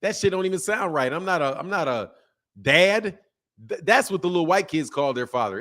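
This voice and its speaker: Man, stream host, casual chat, animated, slangy, laughs often, a bit higher voice. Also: fairly quick. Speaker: boxing channel host. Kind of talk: casual live-stream chat reading viewer comments.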